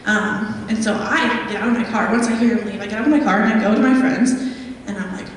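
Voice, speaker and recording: A woman's voice: a little high, fairly even intonation, fast talker, recorded from a distance, slight background noise. Young woman telling a story in an echoey hall. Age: young adult. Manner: chatty storytelling with many ums. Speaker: guest speaker. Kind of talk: live talk with audience questions. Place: meeting hall.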